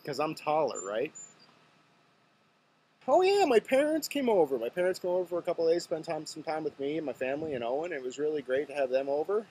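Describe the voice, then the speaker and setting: Husky-voiced man chatting to camera. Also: fairly high pitch, a little fast. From Nova Scotia, Canada. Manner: chatty, joking, animated storytelling. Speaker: vlog host. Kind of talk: casual talk to camera.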